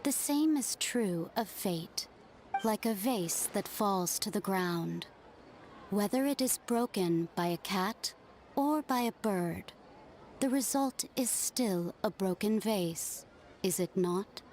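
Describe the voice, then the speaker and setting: A woman voicing a languid, mysterious deity in video game dialogue, speaking in a flat, detached, unhurried way. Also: medium pitch, slight background noise. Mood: cryptic.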